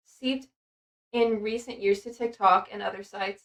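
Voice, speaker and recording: A woman's voice: medium pitch, fairly even intonation, unhurried. A young adult woman hosting a podcast, reading from notes in a rambling casual way, swearing freely and using many fillers. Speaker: podcast host. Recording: voice distant from the mic.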